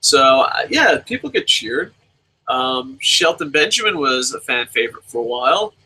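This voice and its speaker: A young man hosting a casual live review alone, reading viewer comments aloud and swearing freely as he jumps between loud outbursts and mumbled asides. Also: medium pitch, big pitch swings, moderate pace, breathy edge, poor audio. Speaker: show host.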